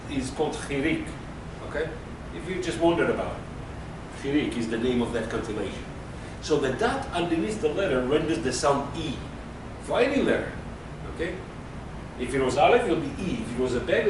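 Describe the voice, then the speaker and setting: A man's voice: mid-range voice, background noise. A man teaching a beginners' Hebrew class, patiently explaining and praising his students. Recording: echoey room, mic far off.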